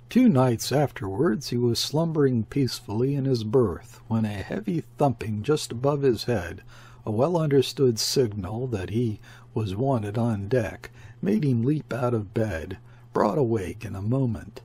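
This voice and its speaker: Husky male audiobook narrator. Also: medium pitch, lively intonation, a little slow, darkish tone. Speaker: audiobook reader. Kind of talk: scripted narration.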